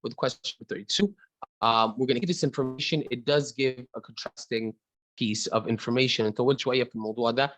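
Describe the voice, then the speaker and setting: A man's voice: mid-range voice, steady tone, rapid-fire, fairly bright tone, no echo, rough recording. A man with an Egyptian accent teaching an online class. He switches between English and Arabic mid-sentence and calls on students by name. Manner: chatty, addresses students by name.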